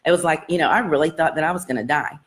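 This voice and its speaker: A woman's voice: deep voice, racing. A woman casually telling her personal story to her online viewers, earnest and rambling, with many fillers and restarts. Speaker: self-help vlogger.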